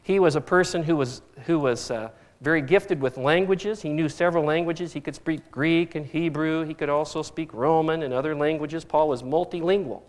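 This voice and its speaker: A man's voice: fairly high pitch, normal speed, hardly any pauses. A middle-aged man preaching a sermon as pastor, earnest and fond of repeating phrases for emphasis.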